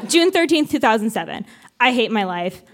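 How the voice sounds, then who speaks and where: A woman with a high voice reads entries from her old teenage diary to a live crowd. Her delivery is wry and playful, leaning into each line for comic effect. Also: big pitch swings, normal speed, slight background noise. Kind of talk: reading old diary entries aloud on stage. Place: live show with audience laughter.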